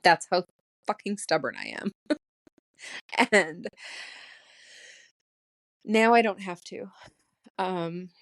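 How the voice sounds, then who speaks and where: Solo podcast host, woman, late 30s, lowish voice, tearful and shaky, laughs between thoughts, dry close sound. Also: slow pace, long pauses, dry recording. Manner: emotional, laughing through her words. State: voice shaking, close to tears. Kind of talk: solo spiritual diary podcast.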